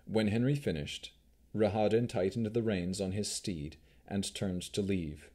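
A man giving scripted audiobook narration with expressive, unhurried storytelling. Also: fairly low pitch.

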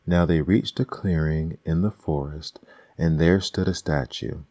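Deep-voiced man reading ASMR bedtime fables, slow, dark tone. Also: dry recording, dull audio. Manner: soft, unhurried reading. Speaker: storyteller.

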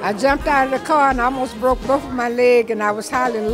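A woman in her seventies telling a lively, funny story from her youth as a birthday message. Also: fairly high pitch, brisk. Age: 70s. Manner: lively storyteller, acts out voices from memories. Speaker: birthday well-wisher. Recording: music and crowd noise behind.

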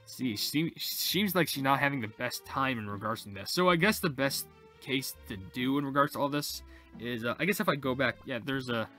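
Man, casual gameplay commentary, excitable, mid pitch, quiet game music behind. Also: normal speed. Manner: rambling, excitable, lots of fillers. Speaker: gaming YouTuber.

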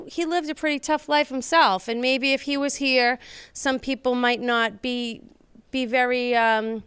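A woman hosting a local talk show speaks earnestly, with a rather high and very smooth, resonant voice. She rambles, restarts and fills gaps with ums. The sound is dry and close. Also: fairly bright tone, no room sound. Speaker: host and local elected official. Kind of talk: studio talk show monologue.

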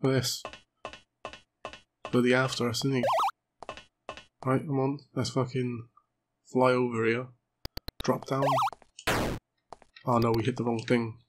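Gamer, hoarse, excitable, swears a lot, noisy recording. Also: male voice, medium pitch, a little slow, pauses often. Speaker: gaming channel host. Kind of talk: let's play commentary.

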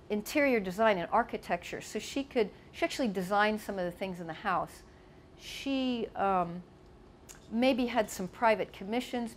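A woman's voice: medium pitch, slight background noise. A woman casually reminiscing about her past while showing photos, chatty with many asides. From United States. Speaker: storyteller.

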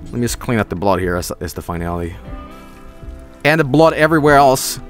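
A man's voice: medium pitch, animated, fairly quick, soft background music. A young man streaming, chatting casually and rambling, with lots of swearing and chuckles.

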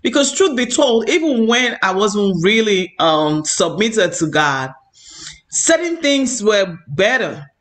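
High-pitched male online preacher; earnest, rambling personal testimony. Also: big pitch swings, slow, a bit bright. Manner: earnest, repetitive, many "you know"s.

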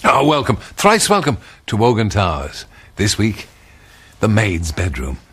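A man's voice: fairly low pitch, huge pitch swings, measured pace, a bit bright, soft background music. A man hosting a viewers' feedback programme in a playful, mock-grand and teasing manner. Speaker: host. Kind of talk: scripted studio presenting.

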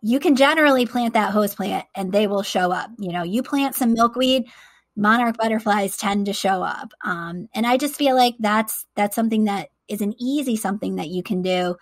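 Gardening podcast lady, chatty and upbeat, gravelly edge, dry close sound. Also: mid-range voice, normal speed, dry recording. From eastern United States. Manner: enthusiastic, chatty, laughs easily. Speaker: podcast co-host. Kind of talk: casual chat.

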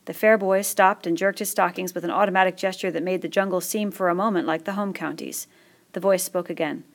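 Low, gravelly woman narrating a story. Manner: steady, measured storytelling. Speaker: audiobook reader. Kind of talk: scripted narration.

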